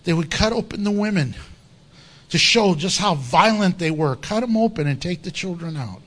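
A man's voice: sits high, expressive, normal speed, a bit bright. A man preaching an expository sermon in an impassioned, emphatic, conversational way.

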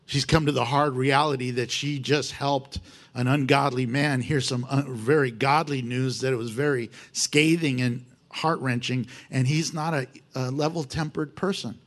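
A man preaching a sermon in a folksy, expressive way, teaching through a scripture passage. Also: mid-range voice. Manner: expressive, folksy, laughs often.

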